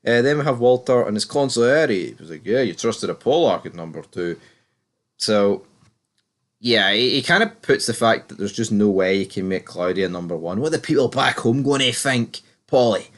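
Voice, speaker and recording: A young British man with a fairly low voice talks through a TV episode in a loose, chatty recap. He is opinionated and swears freely, and his pitch leaps upward when something surprises him. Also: lively intonation, normal speed. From Britain. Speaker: TV show reviewer. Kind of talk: casual spoken recap and commentary.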